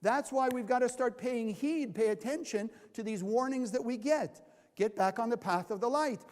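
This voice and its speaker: High-pitched man teaching a class, lots of rhetorical questions, echoing lecture hall. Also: moderate pace, darkish tone. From California. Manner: asks the audience questions and answers them himself. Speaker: Kabbalah teacher. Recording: long hall reverb.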